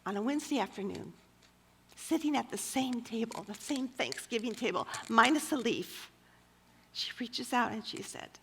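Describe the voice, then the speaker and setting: A woman's voice: fairly high pitch, animated, moderate pace, a little hiss or hum. A woman telling personal stories at a church women's gathering, chatty and full of fillers. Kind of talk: personal storytelling talk.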